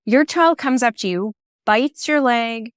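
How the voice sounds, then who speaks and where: A middle-aged woman, a podcast guest, telling personal stories in an animated, candid conversational way. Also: fairly high pitch, a little slow, no room sound, clean studio sound. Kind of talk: conversational storytelling.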